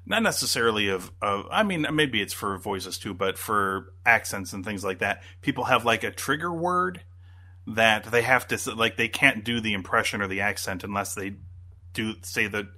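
A man's voice: on the low side, expressive, normal speed, sharp tone. A man co-hosting a podcast, chatting casually and rambling with lots of fillers and restarts. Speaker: podcast co-host. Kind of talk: casual chat.

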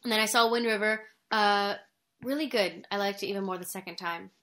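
Bright chatty woman co-host, rambling movie talk. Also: medium pitch, a little fast. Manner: chatty, rambling, laughs often. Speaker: podcast co-host reviewing movies. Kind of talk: casual chat.

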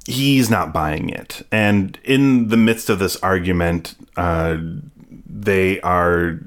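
A man with a notably deep, low-pitched voice talks through an episode in a relaxed podcast chat. He rambles along with plenty of fillers and throws in playful asides as he recaps. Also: slow. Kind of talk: casual chat.

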